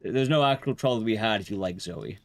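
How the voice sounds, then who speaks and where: Deadpan male game streamer. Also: on the low side, quick pace, creaky. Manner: deadpan, dry joking. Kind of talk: casual gameplay commentary.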